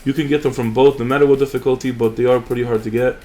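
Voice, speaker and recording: A man's voice: medium pitch, fairly even intonation, very fast, mellow. A young man hosting a mobile game channel, chatting casually and rambling with fillers and restarts over his gameplay.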